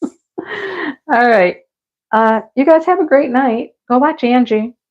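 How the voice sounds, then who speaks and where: A woman's voice: high-pitched, lively intonation, slow pace. Chatty woman host, lo-fi stream audio. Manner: chatty and rambling, laughs often, a little snarky. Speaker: craft livestream host. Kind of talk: casual livestream chat, answering viewer comments. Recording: dull lo-fi home stream audio.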